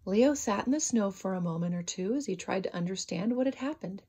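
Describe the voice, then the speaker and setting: A woman reading a children's storybook aloud with expressive, sing-song narration. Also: medium pitch, fairly quick, breathy edge.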